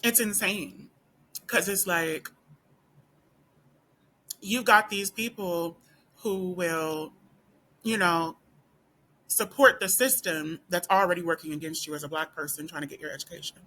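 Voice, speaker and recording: A woman talks straight to her camera in a casual vlog, her voice bright and edged with tension. She presses her point with rhetorical questions and keeps circling back through "like" and "you know." Her voice is not deep. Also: a little slow, pauses often. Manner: emphatic, with rhetorical questions and repeated fillers. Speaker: student. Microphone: camera or phone facing speaker.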